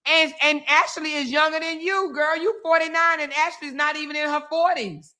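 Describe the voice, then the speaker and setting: A woman's voice: high-pitched, steady tone, normal speed, pushed and bright. A woman hosting a live stream with casual, sassy commentary, teasing and laughing as she reacts.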